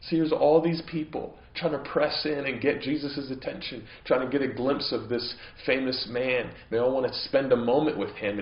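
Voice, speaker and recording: A man's voice: mid-range voice, gravelly, echoey room, lo-fi sound. A man preaching a sermon as pastor, earnest and growing impassioned at times. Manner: earnest preaching, voice rising into emphatic, impassioned stretches. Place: church.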